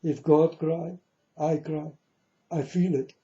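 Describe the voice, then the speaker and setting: A man giving a mournful prophetic warning monologue, slowly speaking straight to his listeners and calling them folks. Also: a little high, steady tone, creaky, warm tone. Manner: slow, mournful, repeatedly addresses listeners as folks. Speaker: self-styled prophet. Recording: dull lo-fi audio.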